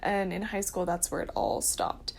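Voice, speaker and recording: A woman's voice: lowish voice, lively intonation, normal speed, gravelly, husky. A woman in her early twenties telling her personal story in a casual, earnest way, with frequent filler words. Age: early 20s. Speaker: vlogger sharing her testimony.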